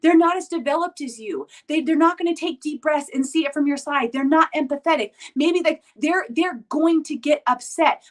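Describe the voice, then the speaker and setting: Woman, high voice, casual motivational vlog, chatty with lots of fillers, mic some distance away. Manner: chatty, filler-heavy, often asks "right?". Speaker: vlogger. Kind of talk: casual motivational talk to camera. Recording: voice picked up from a distance.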